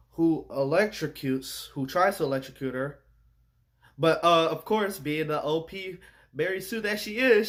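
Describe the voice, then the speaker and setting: A young man ranting casually about a movie he saw, rambling with many fillers and slang and sounding exasperated. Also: a little high. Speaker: movie reviewer.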